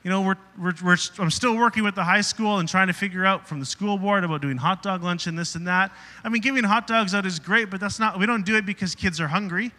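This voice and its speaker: A man's voice: sits high, bright, forceful tone. A male pastor preaching in a conversational way, asking the congregation questions and acting out quoted voices as he retells a story. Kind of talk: sermon. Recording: reverberant hall.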